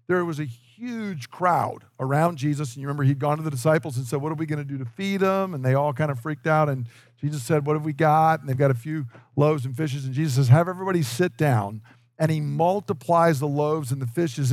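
A man's voice: a little high, no echo, clean studio sound. A man preaching a sermon in a conversational storytelling way, acting out the voices he quotes. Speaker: pastor.

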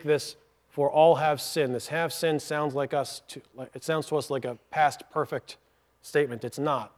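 A man's voice: a little high, a little mellow. A man preaching a sermon as pastor, earnestly explaining a point step by step with asides.

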